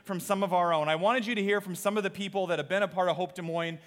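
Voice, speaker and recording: A man preaching as a pastor in a church service, earnest and animated, with repeated phrases. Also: sits high, fast talker. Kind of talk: sermon. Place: church auditorium.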